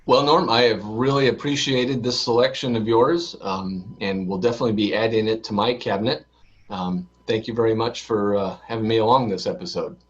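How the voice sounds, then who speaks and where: A man's voice: lowish voice, steady tone, fairly quick. A man co-hosting a casual drinks podcast, hesitant with many ums and dry quips. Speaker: podcast co-host. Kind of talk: casual chat. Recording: dull lo-fi audio.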